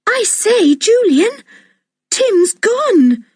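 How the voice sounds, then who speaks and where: A woman voicing a stubborn young girl who is fiercely loyal to her dog, calling out in a high, urgent voice. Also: big pitch swings, a little slow, no echo, clean studio sound. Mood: frightened.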